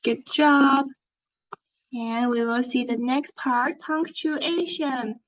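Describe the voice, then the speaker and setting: A woman teaching an English lesson, speaking slowly, clearly and encouragingly, as if to young learners. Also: sits high. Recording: dull lo-fi sound.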